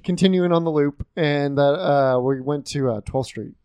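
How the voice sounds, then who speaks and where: A man's voice: fairly high pitch, moderate pace, a little mellow, clear, resonant tone, no echo. A young man, telling an easygoing story in casual podcast chat. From Texas. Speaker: podcast co-host.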